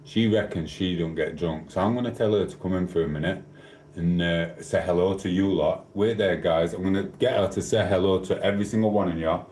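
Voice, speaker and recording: A man's voice: sits low, fairly quick, darkish tone, roomy sound, a little hiss or hum. A man with a South Yorkshire accent hosting a casual live stream, playfully teasing viewers and reading their chat comments aloud. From Sheffield, England. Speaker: livestream host.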